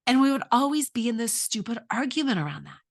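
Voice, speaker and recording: A fast-talking, very animated middle-aged woman with a slightly high voice gives relationship advice. She's earnest, asks question after question, and tells her own story.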